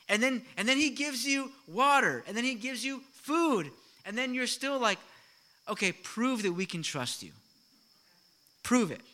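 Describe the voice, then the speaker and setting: A middle-aged pastor preaching with a high, ringing voice. He talks in a lively, conversational way, throwing out questions to his congregation and chatting in asides. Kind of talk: sermon.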